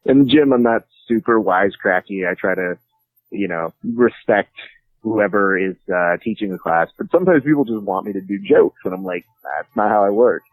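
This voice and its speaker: A man's voice: fairly low pitch, animated, normal speed, no room sound, low-quality recording. A man guest in a casual interview, joking and rambling with frequent fillers. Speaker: podcast host and jiu-jitsu commentator, guest.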